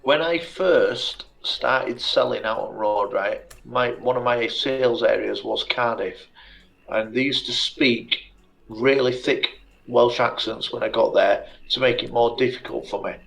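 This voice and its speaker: Man, Yorkshire accent, gravelly voice, blunt, swears freely, casual call chat. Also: medium pitch, measured pace, fairly bright tone, low-quality recording. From Yorkshire, England. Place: home, online group call.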